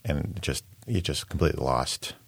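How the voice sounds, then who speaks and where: Very deep-voiced man, thoughtful and measured. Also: dry recording. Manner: thoughtful, measured, with frequent ums. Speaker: poetry translator and poet. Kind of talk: interview conversation.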